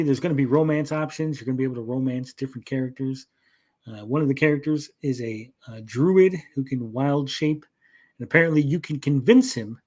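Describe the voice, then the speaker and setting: A man hosting a casual gaming news chat, rambling with lots of fillers and repeated words, reacting to chat and swearing casually. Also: mid-range voice. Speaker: podcast host.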